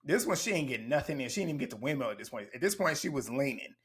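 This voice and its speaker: A man's voice: mid-range voice, very animated, racing, fairly bright tone, husky. A man giving blunt, profane play-by-play commentary as he recaps a reality TV show. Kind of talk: casual reaction commentary.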